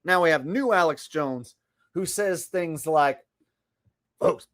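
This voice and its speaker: A man's voice: on the high side, measured pace, a bit bright. A man hosting a livestream, talking in a boastful, rambling way as he comments on clips. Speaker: livestream host. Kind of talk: casual stream commentary.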